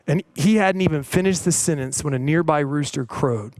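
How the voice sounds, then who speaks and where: Conversational male preacher, higher voice. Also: brisk, hardly any pauses, a little mellow, dry recording, low-quality recording. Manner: conversational, tag questions, retells stories with quoted voices. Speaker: preacher and coach. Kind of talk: sermon.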